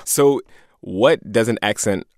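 Deep gravelly male host. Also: slow pace, no room sound, clean studio sound. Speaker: podcast host. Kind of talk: conversational interview. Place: studio.

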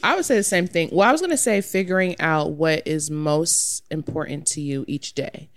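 A woman's voice: sits low, normal speed, no echo. A woman in her thirties, a mother co-hosting a podcast, talking playfully and teasing her friends. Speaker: podcast co-host. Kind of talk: casual chat.

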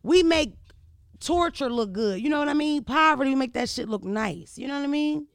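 A man spins a profane comic story with a rough, gravelly edge to his voice. He keeps turning to the listener with quick rhetorical asides. The sound is dry and close, with no room around it. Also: extremely high pitch, no echo. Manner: animated, crude, full of rhetorical asides. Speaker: comedian.

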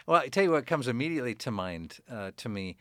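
A man, a pastor guest in an interview, telling stories earnestly with frequent pauses and fillers. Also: medium pitch, sing-song, a bit bright, no echo, studio quality. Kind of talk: conversational interview.

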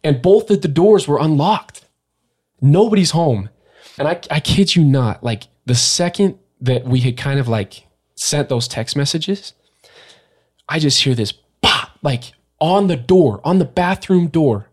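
A young man, a guest on a podcast, tells a story from his past in a casual interview, talking haltingly with many fillers and restarts. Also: on the high side, lively intonation, a little mellow, breathy edge.

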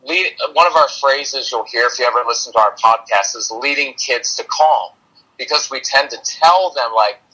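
Husky, bright-voiced man on a podcast. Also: mid-range voice, moderate pace, low-quality recording. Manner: earnest, conversational, acts out parent and kid voices. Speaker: parenting guest. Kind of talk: podcast conversation.

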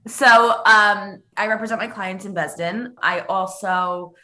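A woman guest in an interview, telling stories in a chatty, animated way. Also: mid-range voice, slow. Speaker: interview guest, rabbinical court advocate. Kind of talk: casual interview chat and anecdotes. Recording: roomy echo.

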